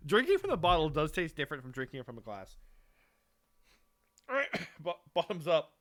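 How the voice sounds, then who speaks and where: On this podcast, a young male co-host talks fairly quickly in a sing-song voice on the high side. His casual chat is full of swearing and rambling restarts.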